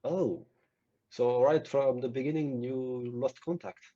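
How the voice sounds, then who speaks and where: Player, male, deep-toned mellow voice, muffled lo-fi audio. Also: steady tone, slow pace. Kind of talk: in-character tabletop play.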